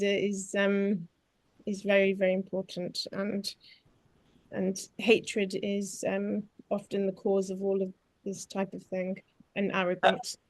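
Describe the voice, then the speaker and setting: Woman host, pretty flat delivery, dry close sound, kinda hesitant. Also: mid-range voice, no room sound. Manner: hesitant, with fillers. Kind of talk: casual chat.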